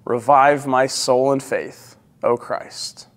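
A man's voice: mid-range voice, fairly even intonation. Male pastor, solemn scripture reading and prayer, long hall reverb. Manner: slow, solemn, measured reading. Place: church sanctuary.

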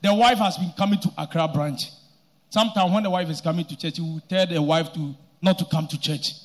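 A man presenting a congregant's testimony to a church leader, slow and emphatic, building to loud declarations. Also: a little high. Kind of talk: public church testimony narration.

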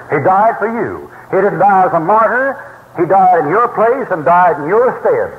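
A man's voice: sits high, very animated, moderate pace, a little hiss or hum. An older man preaching an emphatic, repetitive sermon full of storytelling. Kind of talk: fiery sermon. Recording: tinny lo-fi tape with long hall reverb.

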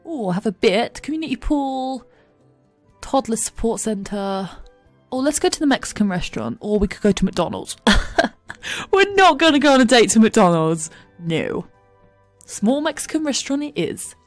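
A woman's voice: a little high, sing-song, normal speed, no room sound, soft background music. Giggly woman gushing over a game. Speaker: gaming YouTuber. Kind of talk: let's play commentary. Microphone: desk microphone.

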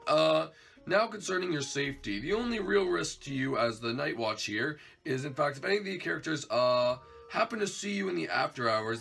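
A man voicing a rambling male voice on a recorded orientation tape in a hobby plush video, quick and offhand. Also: on the high side, gravelly, bright, forceful tone, slightly rough, heavily acted.

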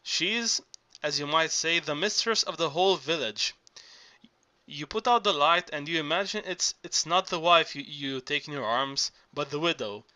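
A bawdy old village verger, read by a man, rambling and halting in a bright, forceful voice. the tone sits fairly high for a man. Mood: sly. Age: older.

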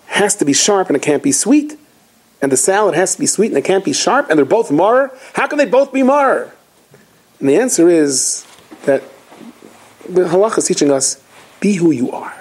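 A man's voice: on the high side, breathy edge, poor audio. A man, a rabbi, giving an inspirational holiday talk, telling stories animatedly and acting out the quotes. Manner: animated storytelling with acted quotes.

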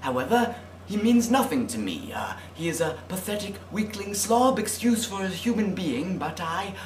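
A young man playing a greedy, contemptuous oil salesman in a student film, pompous and given to furious yelling. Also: sits high, very animated, normal speed, echoey room, a little hiss or hum. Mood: smug. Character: greedy, cruel male oil salesman who bicycles. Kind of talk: amateur student film acting. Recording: background music under the voice.

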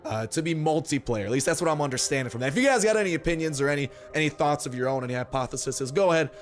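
A hoarse young man hosting a gaming channel, chatting casually and upbeat with sarcastic asides while he plays. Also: on the high side, expressive, racing. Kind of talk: casual gameplay commentary.

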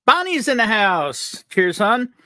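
A cheerful man from upstate New York hosts a live stream, joking around as he greets viewers. His voice sits a touch high and swings up and down with lots of life. The sound is dry, with no room echo. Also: big pitch swings, slow, pushed and bright. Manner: upbeat, jokey, reads out chat names. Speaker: livestream host.

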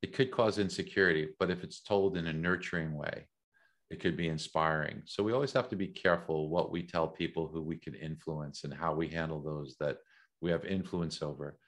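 A middle-aged American man talking as an interview guest, thoughtful and measured, often repeating words as he thinks. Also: very deep voice. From United States. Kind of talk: reflective interview talk.

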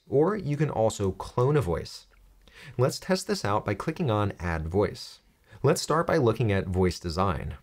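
A young man hosting a software tutorial, explaining step by step in an upbeat, joking way. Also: medium pitch. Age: young adult. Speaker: tech tutorial host. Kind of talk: screen-recorded software tutorial.

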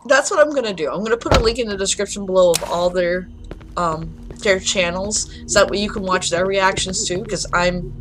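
A woman's voice: medium pitch, a little fast, background noise. A woman commentating a horror game, jumpy and swearing when startled, rambling in chatty asides to her viewers. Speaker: gameplay video host.

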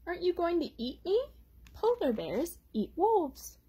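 A woman's voice: very high voice, sing-song, a little slow, mellow, voice pushed up, exaggerated voice. A woman voicing a shy, frightened little male wolf pup in a storybook read-aloud, asking timid, anxious questions.

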